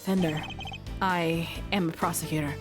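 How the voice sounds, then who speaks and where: A woman puts on a proud, brooding young prosecutor from a video game. The voice is pitched down, quiet and measured, over background music. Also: steady tone, echoey room, in a large hall, close to an everyday voice. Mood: stern. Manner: low, hushed, measured.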